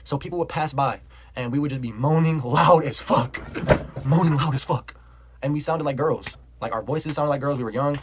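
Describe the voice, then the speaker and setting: A man's voice: fairly high pitch, moderate pace, background noise. A young man telling a casual storytime, rambling and profane, full of "like", laughing as he goes. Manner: rambling, profane, heavy use of "like"; animated, laughs while telling.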